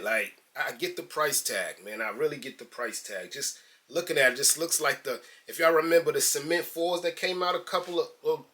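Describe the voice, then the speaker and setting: A man's voice: on the high side, bright, forceful tone. A man from New York doing a laid-back, slangy sneaker unboxing review and calling his viewers guys and man.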